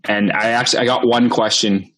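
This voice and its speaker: A young man, a podcast guest telling a story in a lively way, often laughing and acting out what others said. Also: mid-range voice, a little fast. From Manitoba, Canada. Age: young adult. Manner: animated, laughs often, acts out quoted voices. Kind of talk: casual storytelling.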